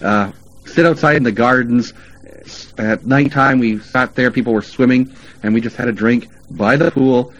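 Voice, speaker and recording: A man's voice: mid-range voice, steady tone, normal speed. A male radio host chatting in an upbeat, promotional way about places to stay and eat, with frequent "uh" fillers. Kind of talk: promotional travel and dining chat. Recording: dull lo-fi radio audio with faint noise.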